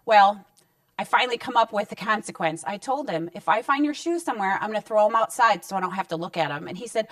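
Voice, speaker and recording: A woman's voice: medium pitch, expressive, fast, dry recording, far from the mic. Reassuring woman giving parenting advice. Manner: conversational and reassuring, acting out short parent-child exchanges. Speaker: parenting counselor. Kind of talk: direct-to-camera parenting advice talk. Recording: dry sound with the mic set back.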